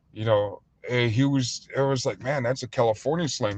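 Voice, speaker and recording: A man's voice: mid-range voice, fairly even intonation, normal speed, few pauses. A man hosting a casual livestream, talking in a loose, rambling and heated way, full of fillers. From United States. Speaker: livestream host and restaurant owner.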